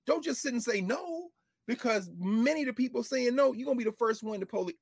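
A middle-aged man, a professor talking politics in an impassioned, preachy way, with mocking quotes and bursts of shouting. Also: very high-pitched, expressive, brisk, gravelly, husky, dry recording, clean studio sound. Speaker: professor and show co-host.

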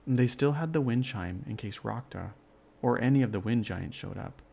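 Calm man telling a bedtime story. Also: mid-range voice, normal speed, vocal fry, breathy edge. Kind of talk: children's bedtime story narration.

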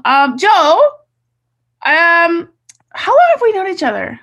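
A Canadian woman hosting a podcast interview over a video call, animated and chatty, laughing often and restarting her sentences. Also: extremely high pitch, takes it slowly, lo-fi sound. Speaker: podcast host. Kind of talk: casual interview chat.

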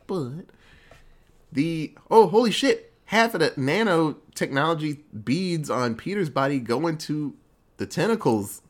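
A man giving a casual, profane movie recap, excitable and acting out the quotes. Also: medium pitch.

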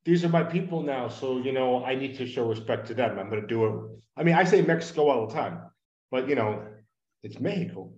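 A man talks as a podcast guest, earnest and a bit rambling, his voice sitting at an ordinary middle pitch. The audio is dull and lo-fi, with a roomy echo around him. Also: lively intonation, fairly quick, darkish tone. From United States. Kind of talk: casual interview conversation. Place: home in a small town.

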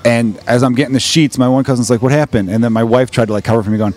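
A man's voice: mid-range voice, fairly even intonation, a little mellow. A man in his thirties from the United States, hosting a podcast and telling crude stories in casual, profane chat. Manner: fast, profane storytelling, acts out quoted voices. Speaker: podcast host.

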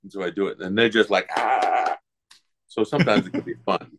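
A man's voice: on the low side, fairly even intonation, racing, a bit bright. An older man, a guest voice actor, telling rambling anecdotes in a casual interview and acting out the people he quotes.

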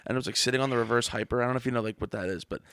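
A man's voice: medium pitch, steady tone, very fast, fairly bright tone, no echo. A young man hosting a casual podcast, asking eager questions and often repeating words as he talks. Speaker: podcast host. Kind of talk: casual chat.

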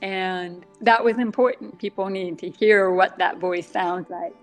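A woman talks in a relaxed interview, her deaf accent shaping some sounds a little differently. Her voice sits at an ordinary middle pitch, and she chats freely, often laughing at herself. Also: a little slow, soft background music. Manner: chatty, laughs often, self-deprecating asides. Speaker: guest author. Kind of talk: casual interview chat.

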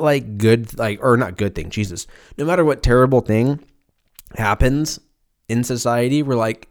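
A man's voice: mid-range voice, moderate pace. An American man in his thirties with a slight lisp, hosting a podcast in casual, profane, joking chat and stumbling over words. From United States. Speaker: podcast host.

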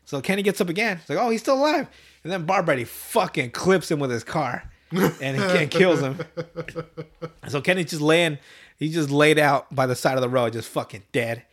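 A man's voice: fairly high pitch, normal speed, fairly bright tone. A man with a slightly raised voice chats loosely through a cartoon recap, his talk full of swearing. He laughs often as he retells each scene. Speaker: podcast host. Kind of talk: casual chat recapping a cartoon episode.

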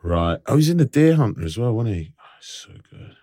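A man's voice: medium pitch, very animated, brisk, warm tone, dry recording, clean studio sound. A man co-hosting a film podcast, chatting casually in a rambling way and laughing often. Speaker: podcast co-host.

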